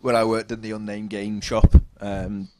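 A man's voice: fairly low pitch, level tone, normal speed. Rambling man recalling a story. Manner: rambling, self-correcting storyteller. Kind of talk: casual chat, anecdote.

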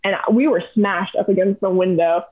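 A woman's voice: mid-range voice, normal speed. Chatty young woman on a tinny line. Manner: animated, chatty, many fillers. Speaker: guest. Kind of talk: casual storytelling chat. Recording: tinny phone-like sound.

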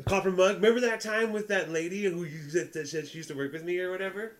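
A young man telling a rambling, animated story in casual chat, often breaking into laughter. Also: sits high, fast talker, a little hiss or hum. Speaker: podcast co-host, comedian.

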